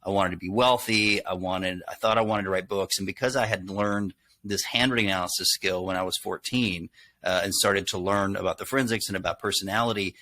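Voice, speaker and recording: A middle-aged man from Texas talks as a guest, lively and storytelling, now and then acting out what people say. His voice is bright and forceful and sits a little low. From Texas, USA. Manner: animated storyteller, acts out quotes. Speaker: guest, handwriting expert. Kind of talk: casual interview talk.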